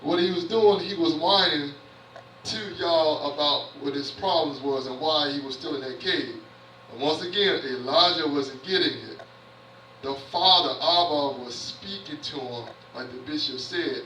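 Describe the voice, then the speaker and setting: A man preaching a sermon in a sanctuary, reading scripture and then retelling it in plain talk. His voice is fairly high and pushes with a tense edge. It is captured from a distance and echoes around the church, with faint room noise underneath. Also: unhurried, bright, forceful tone. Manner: reads scripture aloud then paraphrases it conversationally. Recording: roomy church audio picked up from afar.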